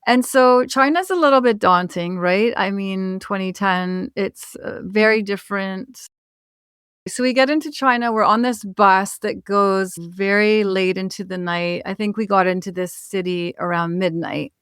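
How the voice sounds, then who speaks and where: Speaking at a measured pace, a woman who writes about travel shares a story as a podcast guest, lively and laughing as she goes. Her mid-range voice has a clean tone, and the studio sound is clean with no echo.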